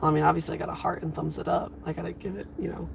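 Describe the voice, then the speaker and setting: A young man in his twenties talks to his live-stream viewers from inside a car, his voice pitched high for a man. He sounds overwhelmed and close to tears, and he keeps repeating exclamations. A faint hum of noise sits behind him. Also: flat delivery, racing, gravelly. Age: 20s. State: teary, near crying. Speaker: livestream host. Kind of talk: casual live-stream chat.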